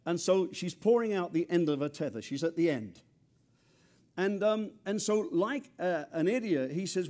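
A man's voice: high voice, lively intonation, normal speed, a little mellow. A man preaching a chatty, joking sermon, often stumbling and repeating words. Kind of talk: conversational sermon.

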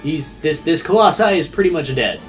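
Lively, chatty man guiding a game. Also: fairly high pitch, brisk. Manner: animated, chatty, with frequent restarts. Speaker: guide coaching the player. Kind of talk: casual let's-play banter. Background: game music.

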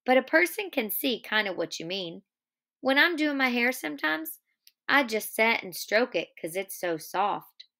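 A woman's voice: sing-song, unhurried, pushed and bright, exaggerated voice. A woman voicing a coy young ranch wife. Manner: coy, then shrill.

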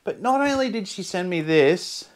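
Man, Australian accent, art vlogger, casual chat, excitable, laughs a lot, camera mic. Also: sits high, normal speed. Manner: excitable, laughs often, bursts into shouts.

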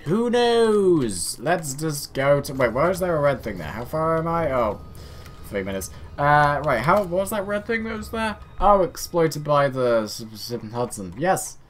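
A man's voice: a little high, big pitch swings, a little slow, slight background noise. A man giving casual, rambling, self-mocking commentary while playing a space game. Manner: rambling, self-mocking, chatty asides to himself. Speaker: gaming video host.

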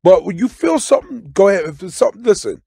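A middle-aged man riffs in a relaxed, preachy way, breaking into sudden loud bursts. His voice sits a bit high for a man, with a gravelly, husky rasp. The studio sound is close and dry. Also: fast, no room sound. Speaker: guest comedian and actor. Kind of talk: casual interview talk. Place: radio studio.

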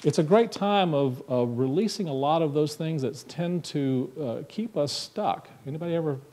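Preaching at a moderate pace in a church sanctuary, the minister has a dark tone that sits on the high side. He talks in a conversational way and asks the congregation questions.

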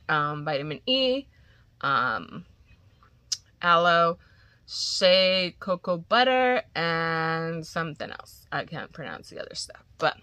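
A woman chatting casually to viewers, gushing and excited, often dropping to a whisper, a little congested from a cold. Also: deep voice, no room sound. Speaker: crochet vlogger. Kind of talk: casual unboxing chat to viewers.

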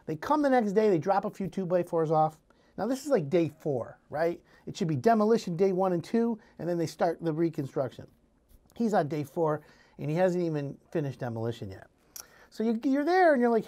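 A man giving casual home improvement advice, telling scenarios in an animated way. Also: sits high, a little fast. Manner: animated storytelling, acting out scenarios.

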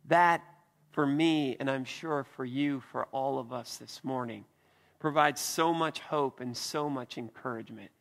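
A man preaching a sermon as pastor, earnest and deliberate, with soft emphatic pauses. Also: mid-range voice, vocal fry, in a large hall. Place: church.

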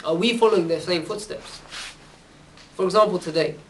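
A man with a high voice gives an informal religious talk to youth, recorded from a distance. He tells the stories in a loose, conversational way and keeps checking in with "yeah?" after nearly every phrase. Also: normal speed, a bit bright, slight background noise. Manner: casual, conversational storytelling. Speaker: religious speaker. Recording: distant from the mic.

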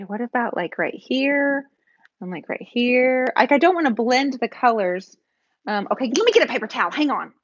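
A woman's voice: high-pitched, a bit bright, slightly rough, dry recording. A woman, chatting nervously with her viewers as she paints on a live stream. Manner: chatty, nervous, talks to commenters. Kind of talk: casual live chat while painting. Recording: dull dry home-stream audio.

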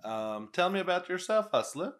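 A man's voice: sits high, big pitch swings, moderate pace, a bit bright. A man from Texas in the United States hosting a casual interview, joking and playful. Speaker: host.

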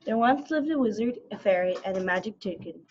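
A woman reading a storybook aloud to children, lively and with small restarts, over a slightly dull lo-fi recording. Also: mid-range voice, fairly quick, slight background noise. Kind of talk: reading a picture book aloud.

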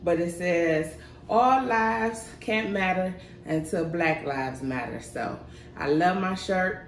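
A woman's voice: lowish voice, takes it slowly. Chatty woman vlogging at home. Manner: chatty, addresses viewers as y'all. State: out of breath. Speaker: mukbang vlogger. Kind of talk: casual chat to camera. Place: home, indoors. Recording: echoey room, faint background noise.

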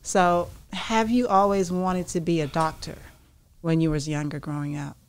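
A woman's voice: fairly low pitch, normal speed, smooth. A woman co-hosting a podcast, putting short questions to the guest and nudging her along. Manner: brief prompts and steady backchannels. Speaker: podcast co-host. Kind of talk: casual interview chat.

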